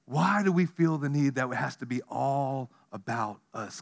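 A man preaching a sermon as pastor, telling stories with animation, dropping to a hush and then rising loud. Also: mid-range voice, moderate pace, creaky, few pauses. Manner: animated storytelling, swinging from hushed to loud.

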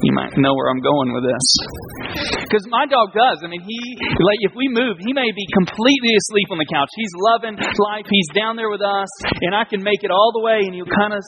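A man preaches in a loose, conversational style, often laughing at his own asides. His voice sits notably high for a man. Steady background noise runs under the recording. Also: brisk, lo-fi sound. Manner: conversational, self-deprecating, laughs at own jokes. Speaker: pastor. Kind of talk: sermon.

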